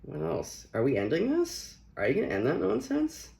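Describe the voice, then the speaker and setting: A man's voice: fairly high pitch, huge pitch swings, moderate pace, vocal fry, a little mellow, slight background noise. A young man giving a casual, playful tarot reading, often laughing as he talks. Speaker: tarot reader.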